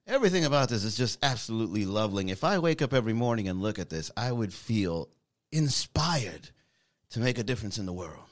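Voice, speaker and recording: A man's voice: medium pitch, lightly acted. A man voicing a refined, snooty European art connoisseur. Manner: refined, gushing, disdainful.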